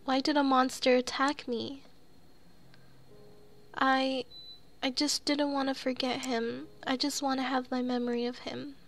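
A woman's voice: sits high, flat delivery, unhurried, long pauses. A woman voicing a timid, tearful young woman in a horror game, reading her pleading, self-blaming lines aloud. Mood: distraught.

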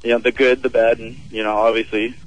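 A man's voice: medium pitch, flat delivery, fast talker, dull audio. A man calling a radio show who jokes around and giggles his way through friendly banter. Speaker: caller.

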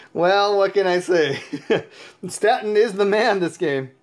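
High-voiced, tired man commentating a game. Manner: chatty, excitable, laughs often. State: tired and sleepy. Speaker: mobile game player and YouTube host. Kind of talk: casual gameplay commentary.

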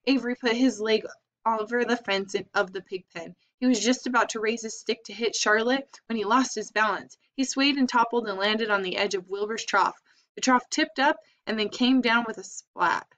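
A woman's voice: a little high, moderate pace, a bit bright. Woman reading a children's book aloud. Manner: plain reading with small slips and self-corrections. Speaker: reader. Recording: slightly dull lo-fi recording.

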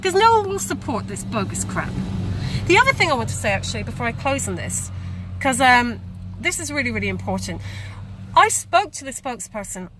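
In Ireland, a woman campaigner delivers an angry rant straight to camera, indignant and emphatic, frequently ending her points with "okay?" Her voice is fairly high with big pitch swings, she talks fairly quickly, and the background is noisy.

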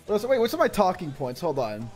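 A man streams live and chats with his viewers, excitable and quick to swear and laugh. His pitch runs a little high and swings widely as he talks. Faint music plays behind him. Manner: excitable, profane, laughs a lot. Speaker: livestreamer. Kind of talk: casual stream chat.

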